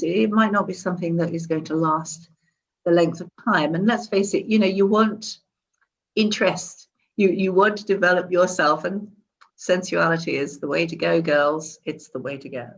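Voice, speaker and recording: A woman talking as a wellbeing specialist in a casual conversation, animated and demonstrative, laughing often. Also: on the low side. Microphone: seated at a chair.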